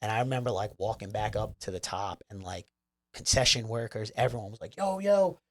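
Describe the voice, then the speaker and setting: A man's voice: lowish voice, steady tone, brisk, a bit bright. A man, a comedian guest, telling a rambling, profane story in casual chat. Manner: profane, rambling, lots of fillers.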